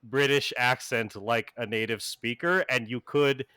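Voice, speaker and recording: A man's voice: mid-range voice, fairly even intonation, unhurried, sharp tone, clear, resonant tone, no room sound. A young man running a tabletop game as game master, laughing often and hesitating with fillers.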